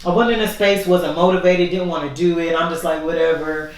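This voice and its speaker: With a lowish voice and a brisk delivery, a woman talks openly in a heartfelt vlog, rambling and circling back to repeat herself. Her camera isn't working, so there's only audio, recorded in a very echoey room far from the microphone.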